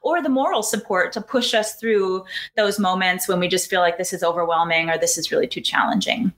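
A woman's voice: on the low side, fairly quick, a bit bright. A woman as an interview guest, explaining her ideas earnestly and building up lists of points. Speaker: guest expert.

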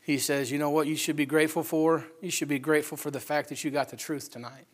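A male preacher telling a story in a sermon at church, building to fervent, near-shouted passages. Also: a little high, steady tone, quick pace, hardly any pauses.

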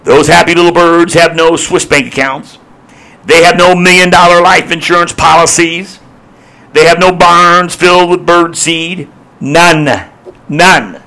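A male pastor preaching a sermon, emphatic and repetitive, swinging between loud appeals and hushed asides. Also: mid-range voice.

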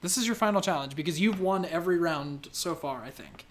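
A man co-hosting a casual comedy podcast, running a quiz game, talking hesitantly with many restarts and letting his sentences trail off quietly. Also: on the high side, lively intonation, a little fast. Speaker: podcast co-host and quiz presenter.

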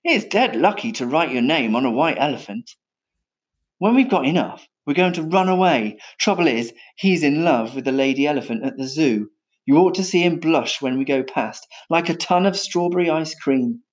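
A man's voice: a little high, expressive, normal speed, pitched above the performer's own voice, close to an everyday voice. A man voicing a cheeky, scheming young elephant keeper with a breezy, innocent-sounding manner.

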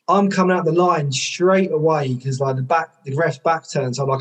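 A man, a former rugby player and coach, telling stories in a podcast conversation, lively, with lots of "like" fillers and casual swearing. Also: a little high, moderate pace. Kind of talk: conversational storytelling.

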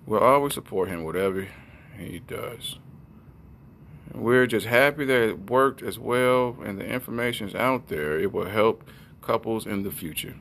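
A man with a lowish voice riffs on odd news stories and drifts into made-up tales. His talk is loose, slangy and rambling, full of jokes, with a faint hiss behind him. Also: measured pace, gravelly, a bit bright. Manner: loose, joking, rambling storyteller with slangy speech. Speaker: podcast host reacting to news. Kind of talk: comedic news commentary.

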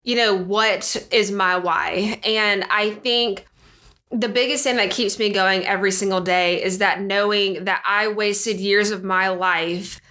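A woman's voice: medium pitch, fairly even intonation, measured pace, pushed and bright. A woman co-hosting a podcast in casual chat, rambling with lots of filler words and restarts. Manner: rambling, heavy use of "like" and "you know".

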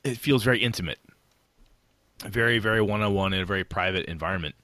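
A man co-hosting a podcast, chatting casually about tabletop gaming in a rambling, animated way with casual swearing. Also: on the low side, quick pace, no room sound. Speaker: podcast co-host.

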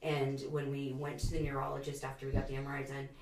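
A woman in her forties with a raspy, smoker-like voice, a podcast guest who talks candidly with rambling asides and self-deprecating humor. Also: a bass voice, monotone, fast talker, darkish tone, recorded from a distance. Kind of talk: casual interview conversation. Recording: roomy echo, a bit off mic.

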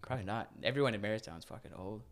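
A man's voice: lowish voice, very fast. Swearing young man telling stories. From Newfoundland, Canada. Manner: animated storyteller with frequent repeats and swearing. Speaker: podcast guest, rapper. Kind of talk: casual chat.

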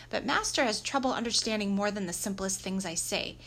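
A woman narrating a children's book aloud in a lively, expressive storytelling manner. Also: medium pitch, fairly quick, gravelly, hardly any pauses. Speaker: audiobook reader.

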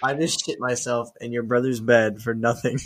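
A man's voice: medium pitch, moderate pace, noisy background. Young man telling stories, swearing often. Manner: swears often, animated storyteller, laughs mid-story. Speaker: podcast co-host. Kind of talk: casual storytelling chat.

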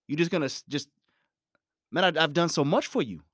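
A man voicing an offended, angry man who confronts a friend with heated, rapid, indignant outbursts. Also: on the high side, fairly bright tone, breathy edge, dry recording, clean studio sound, pitched above the performer's own voice.

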